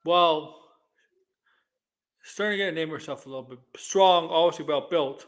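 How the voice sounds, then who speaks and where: A man's voice: fairly high pitch, moderate pace, fairly bright tone. A middle-aged man co-hosting a movie news show in casual chat, rambling and repeating himself with many restarts.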